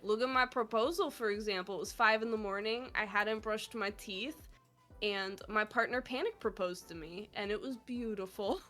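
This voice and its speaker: A young woman co-hosting a casual chat, telling stories in an animated way and acting out the people in them. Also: mid-range voice, moderate pace, faint music behind. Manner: animated storytelling, quotes people in lively voices. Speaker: podcast co-host.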